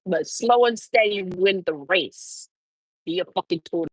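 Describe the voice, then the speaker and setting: A woman's voice: lowish voice, measured pace, husky, no room sound, rough recording. A woman hosting a casual livestream, talking loosely with her chat, swearing freely and laughing often. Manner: loose, profane, laughing, talks back to chat. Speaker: trucker livestream host.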